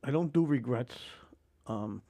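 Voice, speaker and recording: Older man, podcast guest, mid pitch; emotional, animated storyteller, swears. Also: unhurried. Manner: animated, acts out remembered dialogue. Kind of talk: candid storytelling interview.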